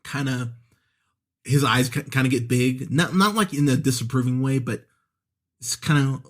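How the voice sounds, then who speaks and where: A man's voice: mid-range voice, moderate pace. A man hosting a movie podcast, reviewing an episode in a casual, conversational way, often correcting himself mid-sentence and acting out the characters' lines. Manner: conversational, re-voices characters when quoting scenes; frequent self-corrections and fillers. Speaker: podcast host.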